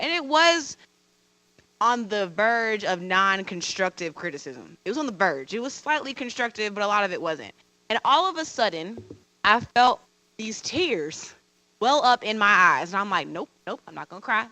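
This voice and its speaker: A woman speaking on a panel, her voice bright and forceful against a dry, close sound. She shares a personal story candidly, laughing at herself and repeating words for emphasis. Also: mid-range voice, dry recording, low-quality recording. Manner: candid, self-deprecating, emphatic repetition. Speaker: veterinarian and college teacher on a panel.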